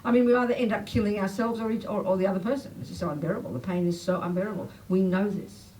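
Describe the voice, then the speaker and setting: An older woman teaching a public Buddhist talk, blunt and emphatic, pitch swinging up when she makes a point. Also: fast talker, a little mellow, far from the mic, poor audio. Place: talk venue. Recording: faint noise, voice a bit off-mic.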